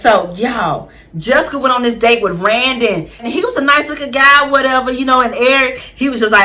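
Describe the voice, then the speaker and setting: A woman hosting a casual reality-show recap, animated and slangy, often laughing as she talks. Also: medium pitch, brisk, hardly any pauses. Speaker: vlog host.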